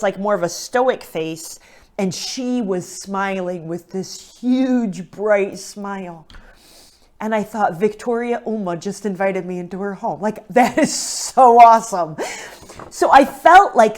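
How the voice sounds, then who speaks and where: A woman telling a moving faith story in a casual, earnest way, with lots of fillers and asides, at times close to tears. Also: mid-range voice. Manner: earnest and emotional, many fillers and "right?". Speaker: guest speaker.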